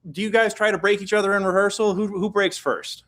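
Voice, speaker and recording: Relaxed chatty male host. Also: high voice, fast talker. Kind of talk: casual interview chat.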